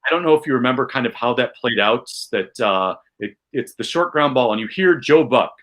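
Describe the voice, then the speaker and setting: A man from Chicago, a comedian, telling a fan memory in casual chat with rising excitement and self-mocking asides. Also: medium pitch, a little fast. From Chicago, USA. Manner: animated, builds tension, self-mocking. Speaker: podcast guest, comedian.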